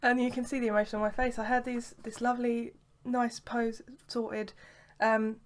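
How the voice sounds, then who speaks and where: A woman's voice: fairly high pitch, level tone, normal speed, a little hiss or hum. Chatty young woman vlogging. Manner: chatty and rambling, lots of "sort of" and "like". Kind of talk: casual chat.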